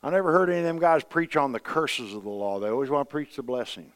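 Middle-aged male preacher, medium pitch, down-home sermon delivery with loud emphatic swells. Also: animated, quick pace. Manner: folksy, swings between loud emphatic bursts and quiet asides.

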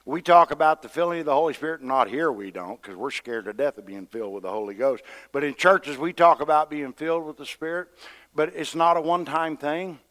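Slightly high-voiced male preacher in a reverberant hall. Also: fairly quick, a bit bright. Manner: conversational storytelling preacher who acts out quotes. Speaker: pastor. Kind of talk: sermon.

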